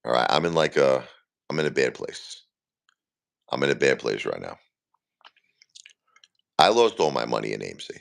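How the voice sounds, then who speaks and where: Grieving man with a very deep gravelly voice. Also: animated, moderate pace, pauses often. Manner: repeats himself, talks straight to chat viewers by name. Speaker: livestream host. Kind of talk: casual live-stream talk to viewers.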